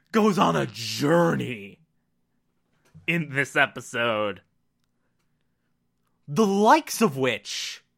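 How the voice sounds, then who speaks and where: A man's voice: fairly high pitch, pushed and bright. A man recapping a TV episode in a casual way, often breaking into laughter and swearing freely. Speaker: TV episode reviewer.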